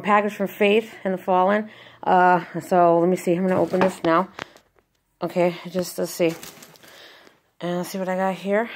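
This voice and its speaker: A young woman vlogging an unboxing, excited and gushing, thanking the sender over and over. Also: on the low side, vocal fry. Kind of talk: casual unboxing vlog.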